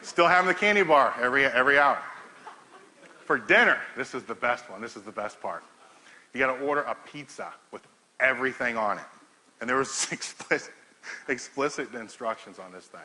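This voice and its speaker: A middle-aged man giving a talk to an audience, telling a profane, laughing story in an animated way. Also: mid-range voice, a little fast, low-quality recording. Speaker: powerlifting coach giving a talk.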